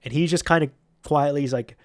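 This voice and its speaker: A man's voice: a little high, fairly quick. Casual male vlogger, rambling storyteller. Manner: rambling, chatty, with many fillers and restarts. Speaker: YouTube host.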